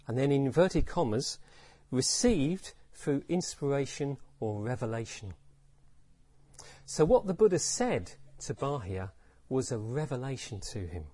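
A man's voice: medium pitch, very animated, unhurried, warm tone, no room sound. A man giving a reflective dharma talk as teacher, repeating phrases and asking rhetorical questions.

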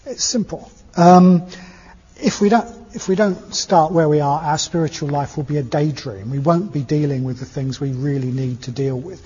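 A man's voice: fairly high pitch, normal speed, dark tone, slightly rough. A man giving a conversational Buddhist teaching talk to a group, often checking in with questions like "isn't it?". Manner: conversational, seeking agreement with tag questions. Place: meeting hall with a live audience. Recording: dull lo-fi recording in an echoey hall.

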